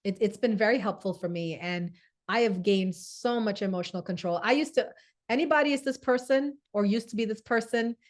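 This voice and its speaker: A woman's voice: medium pitch, fairly quick. A woman hosting a live-stream wellness talk, chatty, answering viewer comments and often asking "right?". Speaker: host.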